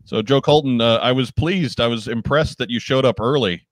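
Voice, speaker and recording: A man's voice: medium pitch, moderate pace, no echo. A man hosting a casual live video chat show, joking and often restarting his sentences. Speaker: host.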